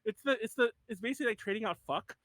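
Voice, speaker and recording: High-pitched dude rambling on his podcast, like like like, laughs a lot, dry sound. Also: racing, fairly bright tone, no room sound. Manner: rambling, full of "like" and restarts, laughs often. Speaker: podcast host. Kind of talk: casual podcast chat.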